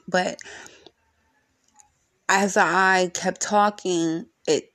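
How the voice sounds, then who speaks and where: A woman's voice: on the low side, slow pace, pauses often, fairly bright tone, no echo, clean studio sound. A woman hosting her own solo podcast from her room at home, venting bluntly and cursing often in a frustrated rant. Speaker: podcast host.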